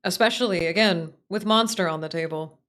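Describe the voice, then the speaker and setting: A woman's voice: lowish voice, fairly bright tone. A woman streaming a game, chatting casually with lots of swearing, rambling asides and laughter. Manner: profane, rambling, quick to laugh. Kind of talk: casual let's-play chatter.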